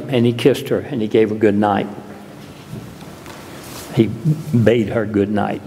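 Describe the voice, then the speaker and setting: A man preaching a sermon in a church, telling a story slowly and deliberately. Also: mid-range voice, a little mellow. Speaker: pastor. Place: church sanctuary. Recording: long reverb in a large hall.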